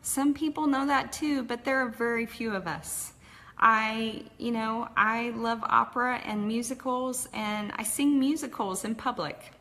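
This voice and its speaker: With a slightly high, steady and fairly bright voice, a Texas-accented woman from Texas speaks unhurriedly. She shares her personal story in a casual, candid, chatty way with lots of fillers.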